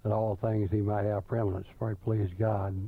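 A man preaching a sermon, reading scripture slowly and deliberately, with small restarts. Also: lowish voice, little pitch movement, husky, dry recording. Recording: tinny phone-like line, dry.

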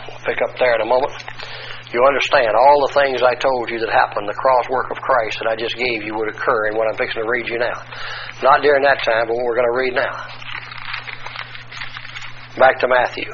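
Male preacher, even steady delivery, dull lo-fi radio sound, sermon reading. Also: medium pitch, fairly quick, long pauses, a little hiss or hum. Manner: reads passages then explains, corrects himself. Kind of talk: sermon reading scripture aloud.

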